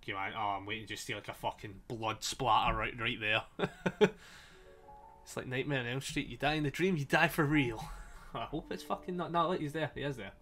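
Brisk and sharp-toned, a man with a mid-range voice comments on the story game he's streaming, his voice a little strained. Faint game music plays as he cracks jokes with chat, laughs frequently, and swears freely.

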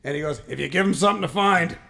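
Gravelly, high-voiced male podcast host. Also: very fast. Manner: animated, laughing storyteller. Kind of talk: casual storytelling chat.

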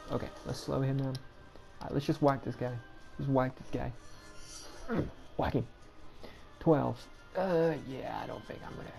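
A woman giving casual, chatty commentary as she plays through a game, with quick self-deprecating asides. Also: very deep voice, gravelly, dark tone, faint music behind. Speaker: gameplay commentator.

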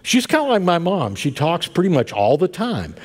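A man's voice: a little high, wildly swooping pitch, normal speed, long reverb tail. An older man preaching a sermon in a church, telling folksy stories with many asides. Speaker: pastor. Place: church sanctuary.

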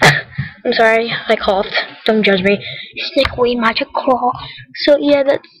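A woman's voice: on the high side, measured pace, muffled recording. Chatty young girl rambling over gameplay. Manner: chatty, rambling, self-correcting, giggly. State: tired and cold. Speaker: gaming vlogger. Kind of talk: casual gameplay commentary.

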